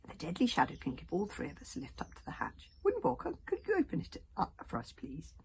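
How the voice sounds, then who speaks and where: A brave but nervous young storybook hero, as a woman reading aloud voices him. He speaks earnestly and in hushed tones, with a low, lively voice that slips into whispers. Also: brisk, vocal fry, heavily acted.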